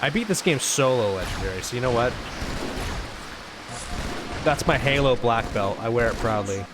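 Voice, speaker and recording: A man hosting a let's play, giving rambling, casual gameplay commentary full of swearing and excitable outbursts. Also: mid-range voice, moderate pace, background noise. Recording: game music in background.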